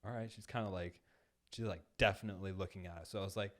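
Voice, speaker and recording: Low-voiced man telling a rambling story. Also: steady tone, fast, a bit bright. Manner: rambling, heavy use of "like", acts out quoted lines. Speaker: podcast co-host. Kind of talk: casual storytelling. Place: podcast studio. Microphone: studio microphone.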